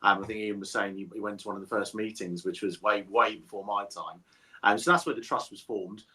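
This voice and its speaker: Low bright-voiced man, measured. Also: steady tone. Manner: measured, repeats words as he thinks. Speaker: supporters trust chairman. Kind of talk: casual interview answers.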